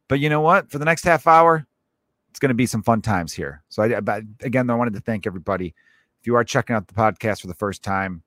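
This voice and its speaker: A man's voice: mid-range voice, no room sound, studio quality. A man hosting his own podcast as a stand-up comedian, rambling through a profane comic monologue and acting out little scenes in other voices.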